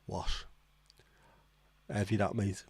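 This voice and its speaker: A low-pitched man chatting casually on a livestream and reading viewers' comments aloud. He swears freely and reacts with incredulous asides. The sound is dry and close, with no room echo. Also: flat delivery, slow, vocal fry, a little mellow, breathy edge. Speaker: livestream host.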